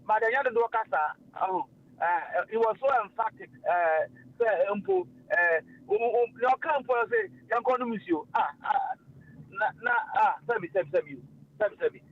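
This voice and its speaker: Lively man on lo-fi radio. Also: sits high, normal speed. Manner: animated, mixing languages, frequent fillers and laughs. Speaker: radio host. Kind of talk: casual radio talk. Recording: lo-fi radio stream.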